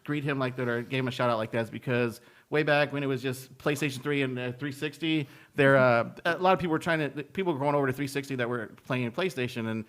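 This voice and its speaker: A man's voice: mid-range voice, fast, few pauses, a bit bright. A man co-hosting a casual podcast, rambling along with many fillers and restarts. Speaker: podcast co-host.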